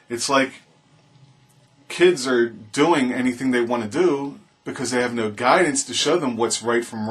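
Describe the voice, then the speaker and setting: A man's voice: medium pitch, a bit bright. A man vlogging his opinion in an impassioned, preachy monologue, repeating his appeals to the viewer. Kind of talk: earnest opinion monologue to camera.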